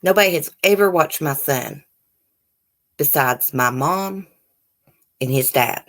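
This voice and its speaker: A woman's voice: low-pitched, slow pace, a bit bright. A woman hosting a live stream. She reads news articles aloud and breaks off into heated, indignant commentary and casual chat with viewers. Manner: chats directly with live viewers, casual and rambling. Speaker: channel host.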